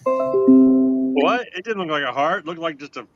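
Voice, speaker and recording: A man's voice: fairly high pitch, racing, highs cut off, over loud music. A man joking around in casual chat among friends, telling crude, profane, rambling anecdotes. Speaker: podcast co-host.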